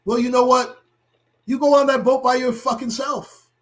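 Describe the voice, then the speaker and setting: High-voiced impassioned man hosting a livestream. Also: little pitch movement, moderate pace. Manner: impassioned, blunt and profane, rising to shouts. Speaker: livestream host. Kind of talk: livestream commentary to chat.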